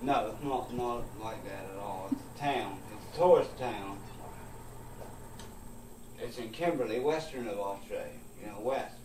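A man's voice: on the low side, moderate pace, darkish tone. A man being interviewed as a wrestling tag partner in a comedy sketch, goofy and giggly, playfully bragging. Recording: echoey room from far off, faint noise.

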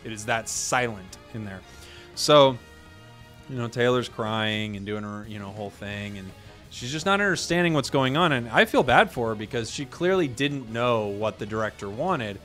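Young male gaming host, casual rambling commentary, dry joker, mid-pitched voice. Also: moderate pace, soft background music. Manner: rambling, joking, deadpan tall tales.

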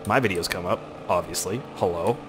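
In this casual gameplay commentary, a young gaming host from Nova Scotia, Canada, speaks briskly in a low-pitched voice against background noise. He is rambling, crude, and swears often, his throat sounds irritated, and quoted people get silly voices.

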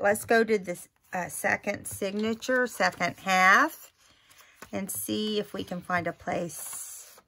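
A woman's voice: medium pitch, vocal fry, fairly bright tone. A woman hosting a casual crafting tutorial, chatting and thinking aloud as she works.

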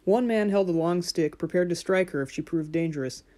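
A woman narrating a fairy-tale audiobook in a measured, gentle storytelling manner. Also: on the low side.

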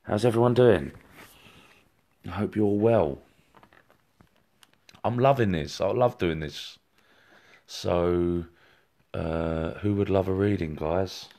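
A man's voice: sits low, takes it slowly, pauses often, warm tone. A man giving a rambling live-streamed psychic reading, talking straight to viewers with many fillers and restarts. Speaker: psychic medium.

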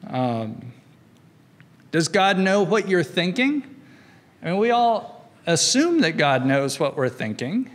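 Speaking slowly with long pauses and big pitch swings, a middle-aged man with a higher voice delivers a conversational philosophy lecture at a university. He often asks his audience "right?" between thoughts, amid the lecture hall's long reverb.

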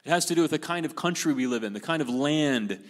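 A man preaching a sermon with earnest emphasis, repeating key phrases and letting his voice fall softly at the ends of lines. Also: on the high side, animated, fast talker. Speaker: pastor. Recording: reverberant hall.

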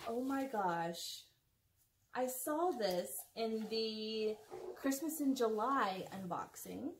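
Gushing excitable woman unboxing gifts. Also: fairly high pitch, slow, a little hiss or hum. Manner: gushing and excitable, gasps and laughs often. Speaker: unboxing vlogger. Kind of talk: casual unboxing chat.

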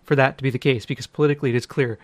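A man's voice: medium pitch, fairly even intonation, rapid-fire, no echo. A man co-hosting a casual podcast, joking and talkative with his co-host.

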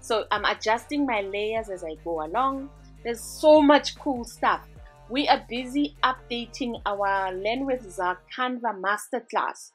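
A woman's voice: a little high, unhurried, husky, faint music behind. A woman hosting a design tutorial, narrating a screen-recording voice-over in an upbeat, chatty way as she walks through each step.

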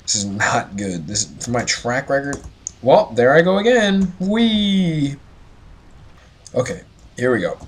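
A man's voice: mid-range voice, breathy edge. A drunk man giving casual gameplay commentary, rambling and swearing with joking asides. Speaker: let's play gamer.

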